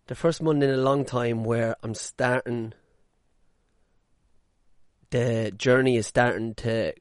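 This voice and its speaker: A man talks straight into the mic, blunt and unfiltered, dropping curses as he goes. His voice sits at a middle pitch. The sound is close and dry, with no room echo. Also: darkish tone. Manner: blunt, swears freely, mimics people in mocking voices. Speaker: podcast host. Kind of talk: casual monologue podcast. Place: caravan.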